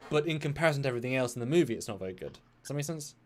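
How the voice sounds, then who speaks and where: A man's voice: medium pitch, racing. A man co-hosting a casual live film discussion, arguing his view with jokes along the way. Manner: animated, jokey, argues his point. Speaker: co-host.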